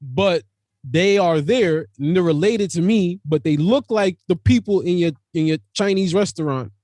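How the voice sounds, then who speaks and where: A man's voice: high voice, normal speed, a little mellow, no echo, clean studio sound. A man hosting a podcast in loose, profane, laughing banter full of slang. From Jamaican family. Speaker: podcast host. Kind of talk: casual chat.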